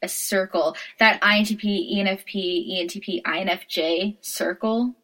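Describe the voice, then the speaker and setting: A woman co-hosting a casual podcast speaks at normal speed in a medium-pitched, steady, fairly bright voice. She's giggly, often laughing in the middle of sentences.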